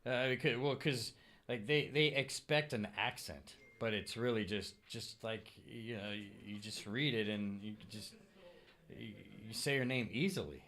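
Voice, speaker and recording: A man hosting a casual panel chat, talking haltingly with many pauses and restarts. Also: medium pitch, a bit bright. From United States. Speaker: podcast host.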